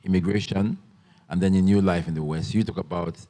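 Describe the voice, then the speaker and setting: A man moderating an author talk, with a lower-pitched voice and a halting, searching way of forming questions. A long reverb hangs on his words, like in a large hall. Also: steady tone, mellow. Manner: hesitant, many fillers and restarts. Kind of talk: festival Q&A.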